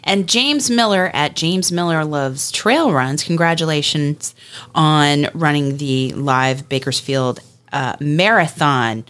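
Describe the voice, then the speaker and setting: Low-voiced woman co-hosting a podcast. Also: slow pace, fairly bright tone. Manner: chatty, thanks and congratulates listeners. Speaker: podcast co-host. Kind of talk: casual podcast chat.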